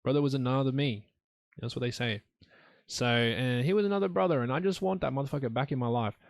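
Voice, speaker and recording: A man's voice: mid-range voice, fast talker, creaky, no echo, studio quality. A young man hosting a solo podcast, talking in a blunt, profane, rambling way. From Australia. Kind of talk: rambling casual monologue.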